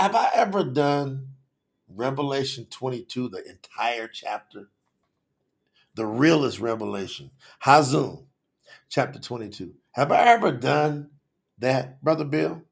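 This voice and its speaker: A man hosting a live faith-community stream, talking passionately and excitably to viewers and calling out people by name. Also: mid-range voice, creaky. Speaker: livestream host. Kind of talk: lively livestream talk to chat viewers.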